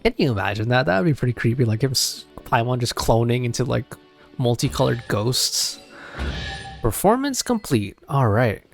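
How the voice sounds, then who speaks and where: A man's voice: mid-range voice, very animated, fairly quick, vocal fry, few pauses, soft background music. A man giving casual, chatty commentary over a video game, musing aloud as he plays. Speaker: gameplay streamer.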